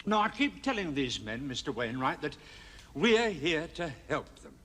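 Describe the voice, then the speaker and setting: An actor playing a soft, anxious prison officer in a 1970s sitcom. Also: male voice, fairly high pitch, sing-song, moderate pace. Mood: placating. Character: mild fretful male prison officer.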